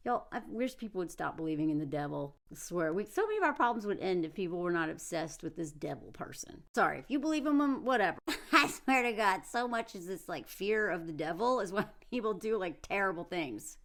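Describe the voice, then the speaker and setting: A woman's voice: on the low side, animated, brisk, fairly bright tone. A woman vlogger giving casual commentary, blunt and sarcastic, talking straight to her viewers.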